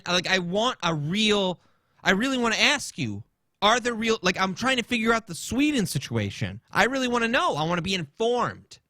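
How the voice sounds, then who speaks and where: Animated, ranting male podcast host. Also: high-pitched, dry recording. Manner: animated, swearing, rambling storytelling. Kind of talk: casual podcast rant.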